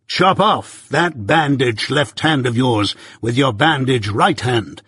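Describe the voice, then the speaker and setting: A man reading an audiobook, voicing a dictatorial lawyer who speaks in grave, measured, commanding tones. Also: medium pitch, a bit bright, breathy edge, no echo, clean studio sound, exaggerated voice. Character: dictatorial middle-aged male lawyer, grave and magisterial.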